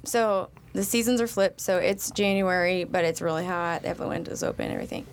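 A woman on a casual podcast chat, telling a church story in an animated way and laughing often. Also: lowish voice, a little fast, a little hiss or hum.

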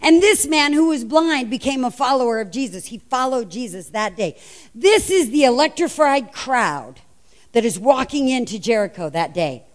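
A middle-aged woman preaching a sermon, telling the story with lively, acted-out voices. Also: on the high side, moderate pace.

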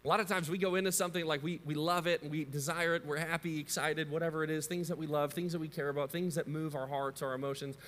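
A man's voice: fairly high pitch, steady tone, fast, hardly any pauses, a bit bright, big-room sound. A man in his thirties preaching a sermon as a pastor, conversational and story-driven, often asking his listeners questions.

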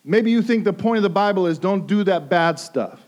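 A male pastor preaching a sermon, emphatic and repeating phrases for stress, moving between hushed intensity and raised pleas. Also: high-pitched, animated, normal speed.

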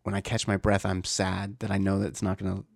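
A man's voice: deep voice, monotone, brisk, vocal fry, no room sound, clean studio sound. A man in his thirties, a father talking in a casual, reflective way, rambling with many fillers and restarts. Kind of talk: casual personal talk.

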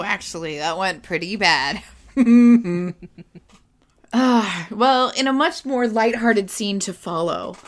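A woman co-hosting a podcast, playful and quick to laugh, chatting casually. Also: mid-range voice, a bit bright. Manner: playful, laughs often, exaggerated quoted voices. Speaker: podcast co-host. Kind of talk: casual chat recapping a TV episode.

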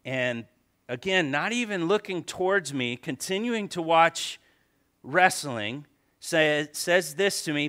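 A male pastor preaching a sermon, telling a story with animated swings between soft asides and loud exclamations. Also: fairly high pitch, slow pace.

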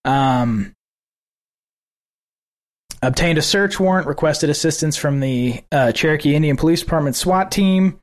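Animated, profane man, slightly high voice. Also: a little slow. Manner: profane, animated retelling of a news video. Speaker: podcast co-host. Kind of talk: casual political podcast chat.

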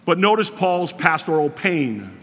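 A man's voice: on the high side, very animated, a little slow, fairly bright tone, long reverb tail. A man preaching a sermon to his congregation as pastor, earnest and emphatic, speaking straight to the listeners.

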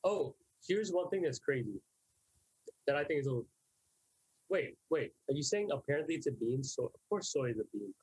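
A man teasing his co-host in loose comedy podcast banter, jumping in with quick jabs whenever he sees a punchline. His voice sits a bit high and has a slightly husky grain. The sound is dry and close to the mic. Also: animated, a little mellow, dry recording, low-quality recording.

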